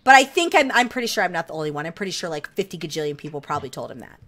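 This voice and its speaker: A low-pitched woman co-hosting a podcast tells a story in rapid-fire casual chat. She's animated and swears freely, laughing and clearing her throat often.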